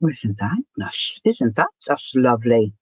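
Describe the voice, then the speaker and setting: In an unhurried, husky, very deep voice, a woman sounds very animated as she hosts a laid-back art journaling livestream. She chats to herself while working and greets viewers by name, with no room sound.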